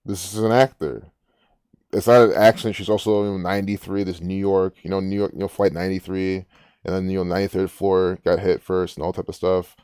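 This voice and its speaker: A man's voice: sits low, level tone, fairly quick, a little mellow, smooth, no echo, studio quality. A man hosting a casual commentary, rambling and musing aloud with frequent restarts. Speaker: gematria channel host.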